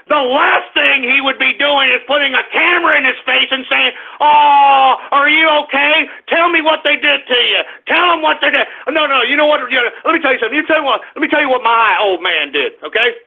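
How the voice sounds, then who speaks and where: A man's voice: very high-pitched, phone-quality sound. A man hosting a talk radio show, giving a blunt, crude, ranting monologue.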